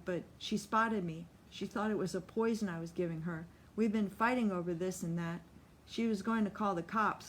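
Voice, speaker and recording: A woman's voice: medium pitch, slight background noise, natural voice. A woman doing a crude, hot-tempered tough guy. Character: crude, volatile young man, quick to rage.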